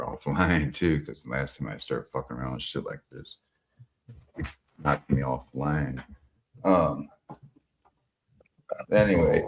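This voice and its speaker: A man's voice: very deep voice, slight background noise. A man hosting a live stream, chatting casually and rambling with many fillers and casual swearing.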